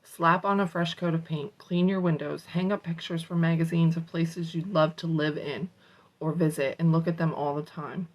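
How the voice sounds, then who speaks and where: A woman's voice: low-pitched, steady tone, moderate pace, low-quality recording. A woman hosting a morning motivation show, reading a self-help book aloud with casual, salty asides. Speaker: motivational host.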